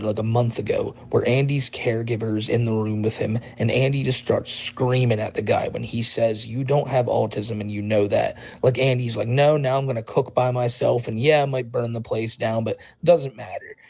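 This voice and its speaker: A man's voice: medium pitch, vocal fry, darkish tone, no room sound, low-quality recording. A man co-hosting a podcast, giving blunt, rambling, sarcastic commentary in casual talk. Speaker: podcast co-host.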